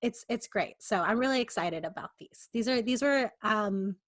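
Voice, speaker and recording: A woman's voice: fairly high pitch, expressive, moderate pace, no room sound. A young woman co-hosting a podcast, chatting casually and telling stories in a playful, teasing way with fillers. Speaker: podcast co-host. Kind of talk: casual chat.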